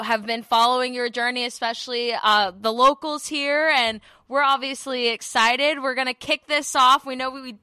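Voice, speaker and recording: A woman co-hosting a podcast, chatting casually in a studio with quick, chatty asides. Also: on the high side, bright, forceful tone, smooth. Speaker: podcast co-host. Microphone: studio mic with headphones.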